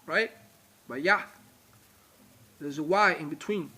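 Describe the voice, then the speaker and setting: A man's voice: a little high, measured pace, a bit bright. A man giving an informal religious lecture, repeating points and speaking straight to his viewers. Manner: emphatic, repetitive, addresses viewers directly. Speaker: religious teacher.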